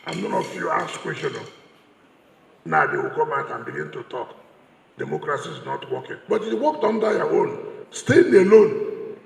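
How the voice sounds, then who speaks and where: A man's voice: fairly high pitch, expressive, normal speed, vocal fry, a bit bright. Combative Nigerian man in an echoey hall. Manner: mocking, repeating phrases for emphasis. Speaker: politician giving a speech. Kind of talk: combative political speech.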